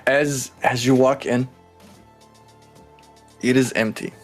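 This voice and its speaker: A man running a tabletop game, taking his time over every line at an unhurried pace. He jokes, swears and teases his players, with soft background music under his voice. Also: mid-range voice, fairly even intonation. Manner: laughing, swearing, playful teasing. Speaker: game master.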